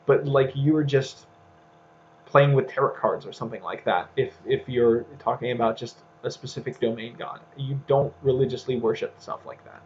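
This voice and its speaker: A man co-hosts a casual talk, working his ideas out as he speaks, full of restarts and fillers. His recording sounds dull and lo-fi, with a middling pitch. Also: normal speed, slight background noise. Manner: rambling, thinks aloud with fillers and restarts. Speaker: podcast co-host. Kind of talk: casual discussion.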